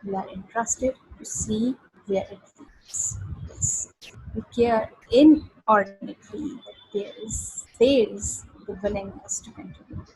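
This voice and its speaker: A woman's voice: mid-range voice, unhurried, a little mellow, slightly rough, rough recording. Hesitant woman reading a text aloud. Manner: hesitant, many fillers and restarts. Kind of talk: halting read-aloud and discussion.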